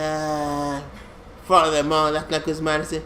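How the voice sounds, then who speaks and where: A man's voice: fairly high pitch, fairly quick, pushed and bright, a little hiss or hum. A man leading a casual Bible study, explaining scripture in slangy, conversational talk full of restarts and "you know what I'm saying". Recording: echoey room.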